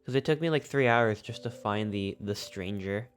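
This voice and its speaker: Over background music, a sleepy, slightly sniffly man with a low voice talks at normal speed while streaming a game. His live-stream chat with viewers is casual, rambling and goofy.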